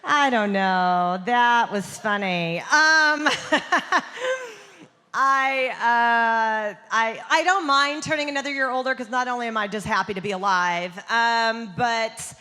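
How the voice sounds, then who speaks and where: A woman performs stand-up on a theater stage, talking to the crowd in a chatty, punchy way. Her voice is bright and fairly high. Her mic sound carries a long reverb from the hall. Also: slow pace, smooth. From Southern United States. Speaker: stand-up comedian. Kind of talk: stand-up comedy set.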